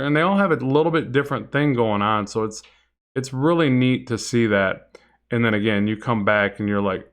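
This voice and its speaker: A man's voice: medium pitch, normal speed. A middle-aged man hosting a casual comic art livestream, rambling and chatty as he draws and reads viewer comments. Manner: rambling and chatty, many fillers and restarts, reads chat aloud.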